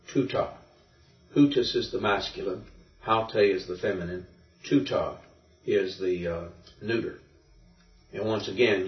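A man teaching a Greek grammar lesson, explaining step by step in a relaxed way with many fillers and restarts. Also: lowish voice. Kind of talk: classroom lecture. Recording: distant, roomy, dull lo-fi recording.

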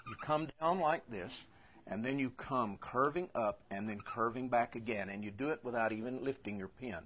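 A man teaching in an unhurried, patient way, going over each point again and again. His voice is a little husky, and the recording sounds dull and lo-fi. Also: medium pitch. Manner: patient, repeats and spells things out. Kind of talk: teaching the Greek alphabet.

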